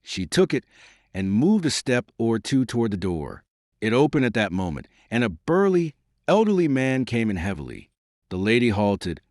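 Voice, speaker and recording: A man reading a historical novel aloud in an expressive, theatrical manner. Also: mid-range voice, normal speed, no room sound, clean studio sound. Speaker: audiobook narrator. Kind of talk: scripted narration.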